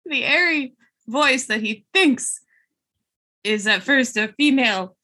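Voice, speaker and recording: A woman improvising a comic story in a halting, giggly way. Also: high-pitched, expressive, sharp tone.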